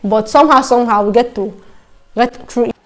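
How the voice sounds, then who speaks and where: A young woman with a Nigerian accent telling stories to camera in a casual vlog, animated and slipping into Pidgin phrases. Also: on the high side, a little fast. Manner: animated storytelling, mixing in Pidgin. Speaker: vlogger.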